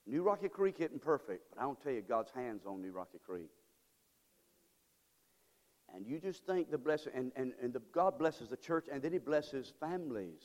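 A man preaching a sermon as pastor, moving from quiet, halting asides to loud, drawn-out exhortation. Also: mid-range voice, expressive, in a large hall. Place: church sanctuary.

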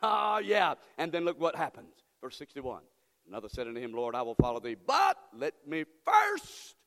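A male pastor preaching a sermon in a church, fervent and building to repeated shouts. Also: medium pitch, very animated, brisk, gravelly. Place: church sanctuary. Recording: long hall reverb in a church.

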